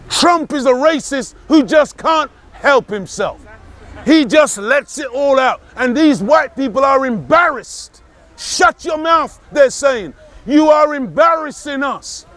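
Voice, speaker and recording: A man giving a forceful outdoor street speech, repeating phrases for emphasis and shouting at times. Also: very high voice. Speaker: street speaker. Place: outdoors in a city park.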